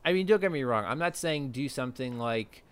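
A man's voice: mid-range voice, animated, brisk, clean tone. A man co-hosting a podcast, chatting casually about a film and thinking aloud with plenty of fillers. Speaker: podcast co-host.

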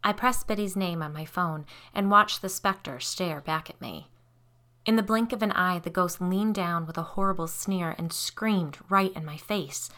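A woman hosting a podcast, narrating a first-person story with expressive reading that drops low and soft for the tense parts.

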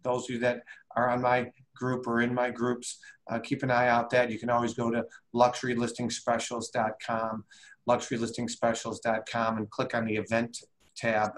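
A man hosting an interview, enthusiastic and affirming, often pausing and restarting as he speaks. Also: mid-range voice. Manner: enthusiastic, many fillers and restarts. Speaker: host. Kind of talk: remote interview.

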